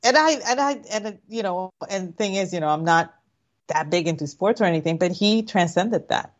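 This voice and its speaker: Female co-host, lower voice, rambling chat, muffled recording. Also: expressive, moderate pace. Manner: rambling, restarts, conversational. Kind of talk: casual chat. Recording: muffled lo-fi audio.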